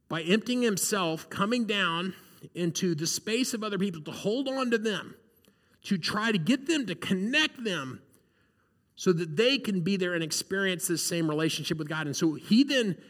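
Earnest conversational male pastor, high voice, long reverb. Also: fairly bright tone. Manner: earnest and conversational, often asks "right?". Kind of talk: sermon.

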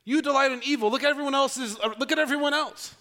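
A man voicing defensive, indignant people who loudly deflect blame in a rushed protest. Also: long reverb tail. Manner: loud, high, rushed protest.

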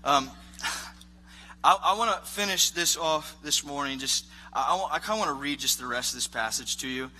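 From a church stage, a male pastor gives a conversational sermon, rambling and self-deprecating with lots of filler words, while a live worship band plays softly behind him. His voice is fairly high and his pace normal. The recording is rough, with a little hiss or hum.

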